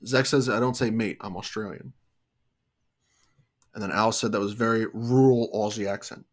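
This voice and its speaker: Very deep-voiced relaxed woman co-host. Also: normal speed. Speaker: livestream co-host. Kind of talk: casual livestream chat.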